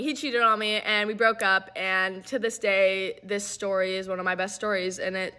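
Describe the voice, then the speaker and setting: A woman's voice: medium pitch, normal speed, bright, forceful tone, clean tone. A young woman telling a rambling, profane personal story in casual chat, full of "like".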